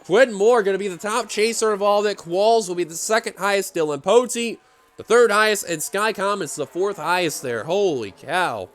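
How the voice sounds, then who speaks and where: A man doing play-by-play commentary on a simulated stock car race, excitable and running out of breath. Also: high voice, brisk. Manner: excitable, builds to shouting at the finish. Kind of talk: sim racing play-by-play commentary.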